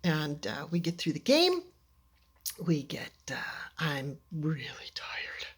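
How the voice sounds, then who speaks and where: A woman telling a personal story to an audience in an animated, dramatic way, often dropping into hushed near-whispers. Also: low-pitched, slow pace, husky.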